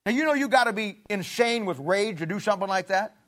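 Pastor, male, higher-pitched voice, folksy emphatic sermon delivery with rhetorical questions. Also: animated, fast, fairly bright tone.

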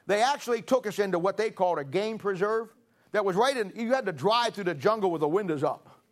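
A middle-aged man preaching a sermon, telling stories in a folksy way and building to forceful emphasis. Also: sits high, lively intonation, brisk. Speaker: pastor. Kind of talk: storytelling sermon.

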